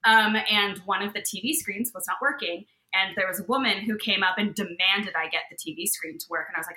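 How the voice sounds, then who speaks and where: A woman co-hosting a podcast, telling a story in a casual, animated way and acting out the people in it. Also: mid-range voice, a little fast, few pauses, reverberant, low-quality recording. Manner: animated, acts out voices in her stories. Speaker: podcast co-host.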